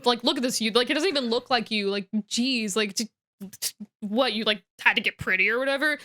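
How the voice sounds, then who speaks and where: A woman's voice: a little high, fairly quick, bright, forceful tone. A woman voicing a jealous, sulky teenage wizard boy who rambles petulantly.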